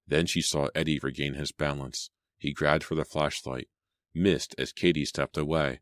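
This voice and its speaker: A man narrating a suspense audiobook in a measured, suspenseful way. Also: rumbling low, fairly even intonation, dry recording. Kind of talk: dramatic audiobook reading.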